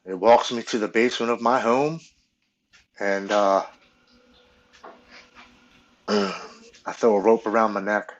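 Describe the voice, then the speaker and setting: A man's voice: on the low side, fairly even intonation, slow pace, long pauses, dull audio. A man on a podcast candidly telling his personal recovery story, acting out the people he quotes and swearing freely. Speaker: podcast guest.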